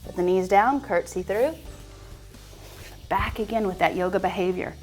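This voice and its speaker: A woman's voice: mid-range voice, moderate pace, soft background music. A woman leading a yoga class, chatting and joking playfully as she guides the poses. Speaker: yoga instructor.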